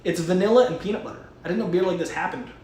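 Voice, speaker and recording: A man's voice: high-pitched, rapid-fire, darkish tone, echoey room, slight background noise. A man hosting a casual live stream, chatting with enthusiasm and reading viewer messages aloud. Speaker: host. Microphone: studio mic.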